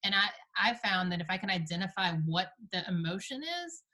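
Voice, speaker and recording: A woman hosting a podcast interview over a video call, affirming her guest with quick interjections. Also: mid-range voice, sharp tone. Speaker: podcast host. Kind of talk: supportive conversational interview.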